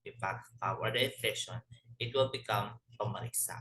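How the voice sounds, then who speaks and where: A man's voice: on the low side, pushed and bright, echoey room, a little hiss or hum, poor audio. A man teaching a language lesson, explaining word by word with frequent restarts and self-corrections. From Philippines. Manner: halting, corrects himself often.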